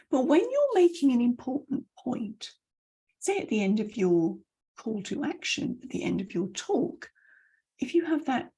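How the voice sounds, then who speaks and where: A middle-aged woman teaching voice skills, demonstrating each point by swinging between loud and soft, fast and slow. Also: sits high, big pitch swings, breathy edge. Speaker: voice and message coach. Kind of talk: online training talk.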